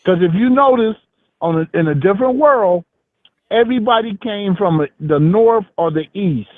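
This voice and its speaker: A man's voice: high-pitched, lively intonation, moderate pace, no room sound. A man from Mississippi talking on the phone in casual chat, blunt and profane, full of street slang. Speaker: phone-in guest. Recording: tinny phone line, dry.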